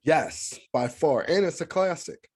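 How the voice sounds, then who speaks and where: A man's voice: on the high side, measured pace, slightly rough. An American man co-hosting a podcast, chatting casually and acting out movie scenes with lots of laughter. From United States. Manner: animated, laughs a lot, acts out movie scenes. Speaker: podcast co-host. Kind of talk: casual chat.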